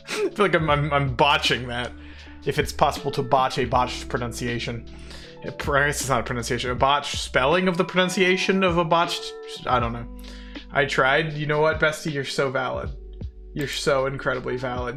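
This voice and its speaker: A man's voice: medium pitch, fairly quick, vocal fry, sharp tone, soft background music. A man chatting casually with viewers on a live stream, playful and giggly, poking fun at himself. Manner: self-deprecating.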